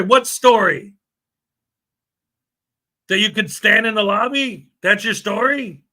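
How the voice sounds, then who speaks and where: A man's voice: very high-pitched, pushed and bright. A man hosting a commentary show, ranting sarcastically and mocking his subjects with emphatic, scornful delivery. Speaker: show host.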